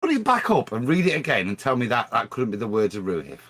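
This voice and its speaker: A man in a casual livestream discussion, arguing his point with animated restarts. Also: medium pitch, quick pace. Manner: animated, argumentative, restarts phrases.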